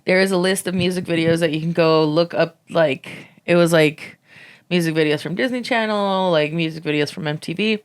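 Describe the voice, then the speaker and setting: A woman's voice: brisk, clear, resonant tone. A woman in her twenties telling stories in casual podcast chat, swearing freely and acting out the people she quotes. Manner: animated, swears a lot, acts out quotes in loud high bursts. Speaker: podcast co-host.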